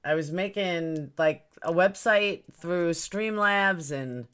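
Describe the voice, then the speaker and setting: A woman's voice: on the low side, slow, fairly bright tone, smooth. Rambling woman livestreamer greeting chat. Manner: rambling, greets chatters by name; puzzled, fiddling with stream settings. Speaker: livestream host.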